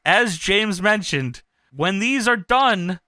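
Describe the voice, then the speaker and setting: A man co-hosting a wrestling review podcast, telling the story in an animated, profane, laughing way. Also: high voice, slow, no room sound, clean studio sound. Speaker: podcast co-host. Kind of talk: casual retro review chat.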